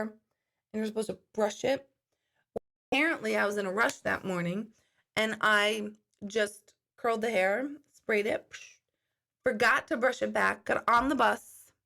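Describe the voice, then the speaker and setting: Chatty woman with a gravelly voice. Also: medium pitch, fairly bright tone. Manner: chatty storytelling, reads viewer comments aloud. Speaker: intuitive hosting a live stream. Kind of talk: casual live-stream chat.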